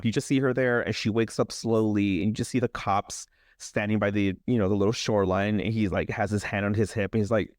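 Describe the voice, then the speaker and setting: A young man co-hosting a horror podcast, recapping a movie in a casual, animated way, joking and laughing. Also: on the low side, no echo, clean studio sound. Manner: animated storyteller, jokes and laughs. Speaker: podcast co-host.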